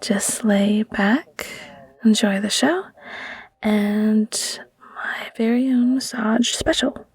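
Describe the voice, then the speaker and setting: A woman's voice: fairly high pitch, takes it slowly, breathy edge. A young adult woman doing whispered role-play as a caring, teasing girlfriend comforting a sick partner. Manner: tender, teasing, giggly girlfriend talk. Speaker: audio role-play performer.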